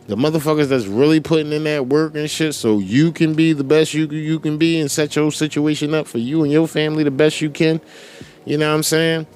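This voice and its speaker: Profane ranting podcast host, man. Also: fairly high pitch. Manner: profane, ranting, laughing often. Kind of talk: profane casual rant. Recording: loud background noise.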